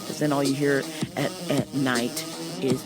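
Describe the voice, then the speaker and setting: A woman's voice: a bass voice, little pitch movement, a little slow, loud music behind the voice. A woman hosting a podcast, telling profane, joking stories in a casual comedic monologue and acting out sounds and voices. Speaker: podcast host.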